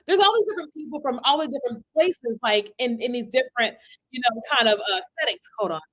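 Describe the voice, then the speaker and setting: A woman coaches viewers on content creation in a chatty livestream, animated and constantly checking in, asking for replies and saying "right?" and "okay?" a lot. She's itchy from an allergy. Her voice is a little high and she talks fast, captured on a computer webcam in low quality.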